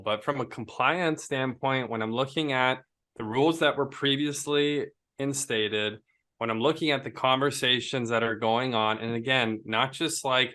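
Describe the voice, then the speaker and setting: A man co-hosting a casual podcast discussion, talking in an animated, rambling way with lots of fillers. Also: medium pitch. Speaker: podcast co-host.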